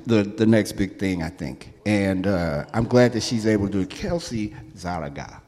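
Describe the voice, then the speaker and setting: A man hosting a live radio show, chatty and upbeat with quick laughing asides. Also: lowish voice, lively intonation, a little mellow, in a large hall. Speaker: radio host. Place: radio studio with live audience.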